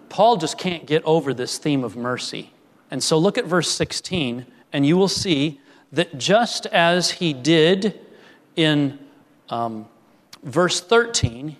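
A man preaching a sermon, earnest, rising to emphatic peaks and dropping to soft, quiet lines. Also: a little high, in a large hall. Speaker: pastor.

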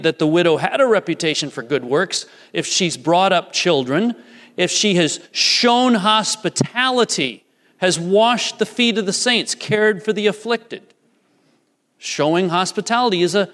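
A man's voice: high voice, a bit bright. A man preaching a sermon earnestly, putting repeated questions to his congregation in a church. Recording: church hall reverb.

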